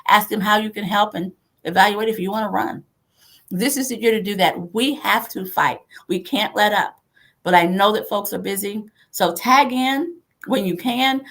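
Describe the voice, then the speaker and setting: A woman's voice: mid-range voice, a bit bright. A woman who chairs a party, hosting a livestream and rallying supporters with emphatic, repeated calls to action over a video call. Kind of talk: rallying political talk.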